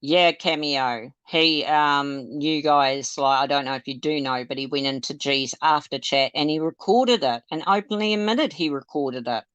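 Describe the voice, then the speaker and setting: Low-voiced Aussie woman chatting on a stream. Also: normal speed, few pauses, a bit bright, clear, resonant tone, dry recording, muffled recording. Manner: chatty, hesitant, full of fillers and laughs. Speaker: livestream host. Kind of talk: casual live-stream chat.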